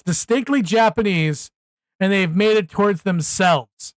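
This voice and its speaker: Hosting a live reaction stream, a man speaks bluntly in an unhurried, high-sitting voice. He exclaims and tends to repeat himself as he gets worked up, with no room sound in the recording.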